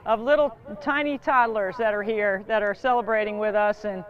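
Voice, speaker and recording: A woman's voice: medium pitch, steady tone, moderate pace. Upbeat, chatty Southern-accented woman host, lo-fi muffled sound. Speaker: live stream host. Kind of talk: live charity stream hosting.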